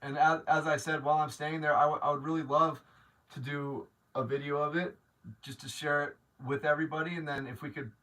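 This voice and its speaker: A man's voice: on the high side, level tone, fairly quick, fairly bright tone, recorded from a distance. Rambling man on a live stream. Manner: rambling, restarts, grows emotional and grateful. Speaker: livestream host. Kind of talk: casual live-stream chat reading viewer comments.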